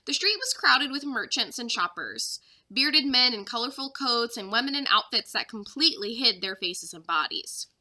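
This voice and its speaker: A young woman teacher with a very bright, high voice reads a children's chapter book aloud. Her delivery is expressive and lively, rising and falling as she carries the story along. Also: moderate pace, few pauses. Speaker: third-grade teacher.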